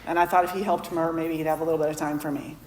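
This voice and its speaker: A woman shares her story at a recovery meeting, candid and self-deprecating, with a slightly low voice. Her voice rings in a reverberant hall, picked up through a podium mic with faint room noise behind her. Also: flat delivery, racing, darkish tone. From Florida. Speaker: AA speaker. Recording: echoey hall recording.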